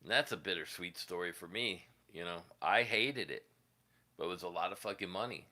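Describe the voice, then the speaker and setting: In a low, sharp-toned voice at a slightly fast pace, a man who plays guitar hosts a laid-back livestream. He rambles through profane tales of his musician years, laughing at them as he goes.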